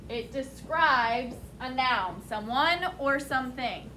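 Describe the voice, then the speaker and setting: Woman teacher, high voice, unhurried vocabulary lesson, echoey classroom. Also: expressive, sharp tone, slight background noise. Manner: slow, deliberate, spells words out letter by letter. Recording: echoey classroom, mic at a distance.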